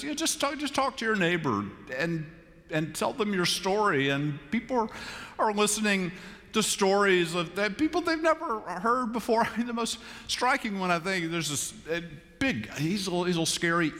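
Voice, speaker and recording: A man preaching a sermon in a large church, conversational and repeating key phrases with emphatic pauses. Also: sits high, pushed and bright. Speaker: pastor. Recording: live church recording with long reverb.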